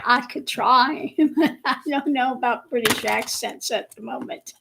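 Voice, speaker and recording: A woman hosting a casual livestream chat with viewers, slow and chatty, laughing often, with her voice a bit worn. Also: high-pitched, gravelly, noisy background. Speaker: livestream host.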